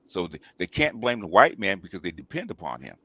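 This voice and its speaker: A male host speaks in a casual talk show manner with a deep, low voice. He makes his points emphatically and keeps pausing to check in with his listeners. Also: very animated, bright, forceful tone, slightly rough, no echo. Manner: emphatic, repeats "okay?" and "right?".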